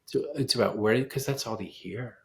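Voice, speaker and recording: Gravelly-voiced man telling an animated story. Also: fairly low pitch, normal speed. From United States. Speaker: guest pianist and composer. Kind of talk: storytelling in a casual interview.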